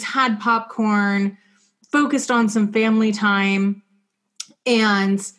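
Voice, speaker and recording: A woman co-hosting a podcast, chatting casually and telling an animated story, laughing often as she talks. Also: mid-range voice. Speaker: podcast co-host.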